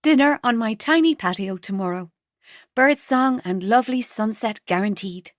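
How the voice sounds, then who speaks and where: A woman narrator voicing an eager young woman in love who speaks in a bright, raised and breathless way. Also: on the high side, animated, normal speed, no room sound, studio quality, lightly acted. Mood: chatty.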